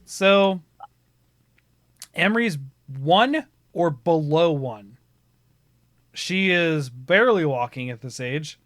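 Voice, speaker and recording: A man hosting a casual live-streamed chat, telling stories with a lively, swooping voice. He breaks into loud shouts and laughter at the funny parts. The sound is close and dry, with no room around it. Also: a little high, slow pace, long pauses, no room sound. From Ohio. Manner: animated storyteller, swings into loud laughing shouts. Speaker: podcast host.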